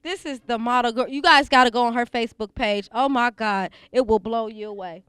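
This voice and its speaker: A woman's voice: a little high, a little fast, fairly bright tone, smooth, no room sound. A woman hosting a talk show, outspoken and playful, gushing with praise for her guests. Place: school venue.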